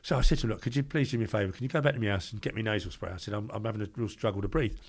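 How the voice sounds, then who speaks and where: An older man with a London accent, a guest telling stories briskly and acting out the dialogue. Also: fairly low pitch. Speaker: guest, former doorman. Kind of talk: anecdotal storytelling.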